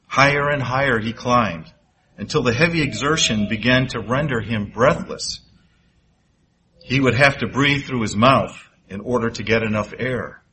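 Guy preaching a parable, bright voice, dramatic pauses, slows down for effect. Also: mid-range voice, a little hiss or hum, poor audio. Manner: dramatic storyteller, rising for suspense and slowing for effect. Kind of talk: sermon storytelling.

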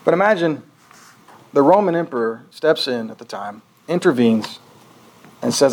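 A man's voice: medium pitch, animated, normal speed, long pauses, darkish tone, a little hiss or hum, low-quality recording. A man preaching a conversational sermon as pastor, earnest and questioning, often restarting his sentences.

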